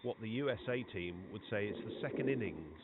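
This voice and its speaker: A man commentating on a cricket match at an outdoor ground speaks fairly quickly in a lowish voice. His manner is conversational and chatty between balls, with excitement rising on big shots, and the recording sounds tinny and phone-like with clear background noise.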